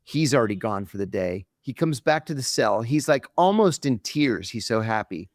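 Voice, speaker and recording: A middle-aged man, a podcast guest, telling a story with lively acted-out quotes on a close mic. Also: medium pitch, moderate pace, no echo.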